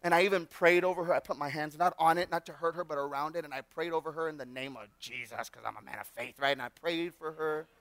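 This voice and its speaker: A male pastor giving a sermon in a church, telling personal stories in an animated way and often restarting his sentences. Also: a little high, fast, hardly any pauses, no room sound. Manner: animated storyteller with frequent restarts. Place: church sanctuary.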